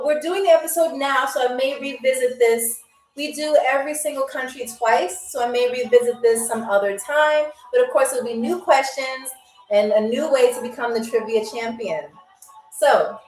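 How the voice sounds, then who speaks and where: Female game show host for a live stream, high voice, chatty, recorded a little far off the mic in an echoey room. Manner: chatty, greets viewers by name. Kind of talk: live-stream trivia hosting. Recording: roomy echo, distant mic, faint music. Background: faint music from a DJ.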